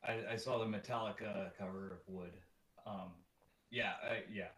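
A man's voice: lowish voice, steady tone, normal speed, a bit bright. A man chatting as a guest, hesitant, with many restarts and fillers. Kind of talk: casual chat. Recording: roomy distant mic with faint noise.

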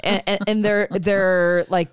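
A woman's voice: medium pitch, little pitch movement, slow, smooth, no room sound, studio quality. A woman co-hosting a podcast, chatting casually and bluntly, swearing freely. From California. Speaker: podcast co-host. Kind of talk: casual chat.

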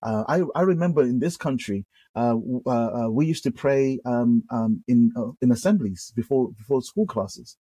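A British man, a pastor, sharing his testimony in conversation, animated and full of quick restarts. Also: medium pitch, breathy edge, dry recording. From United Kingdom. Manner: animated storyteller with frequent restarts. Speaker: pastor, guest.

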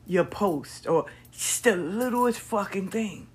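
A woman hosting a podcast, telling stories in a casual monologue, expressive and repetitive, swearing freely. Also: medium pitch, slow, breathy edge. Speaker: podcast host.

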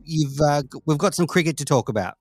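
A man hosting a daily cricket podcast, presenting the news in a clear, steady delivery. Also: on the high side, brisk, no echo, studio quality. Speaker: host.

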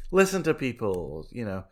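A young man co-hosts a movie chat, relaxed and jokey. His voice sits in an average range, full of filler words. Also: medium pitch, slow. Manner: relaxed, joking, filler-heavy. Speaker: podcast co-host. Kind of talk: casual film review chat.

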